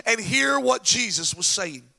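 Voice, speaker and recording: A male pastor preaching a sermon, telling a Bible story in an animated way with folksy asides. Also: high voice, a little slow, gravelly.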